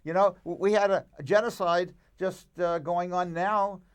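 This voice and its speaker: A man's voice: high voice, steady tone, moderate pace, clear, resonant tone. A man, a rabbi guest in a conversational interview, speaking emphatically and arguing with rhetorical questions.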